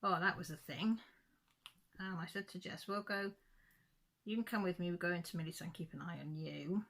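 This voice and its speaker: A woman's voice: fairly low pitch, moderate pace, a little hiss or hum. Chatty woman telling a story. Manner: rambling, animated retelling with quoted dialogue. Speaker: crafting channel host.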